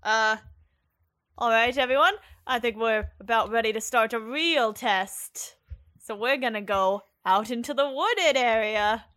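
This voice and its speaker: A bossy watch captain rallies a band of recruits in a tabletop game, voiced by a woman. The voice sits a little high and carries loud. It is a brisk, commanding call to the group.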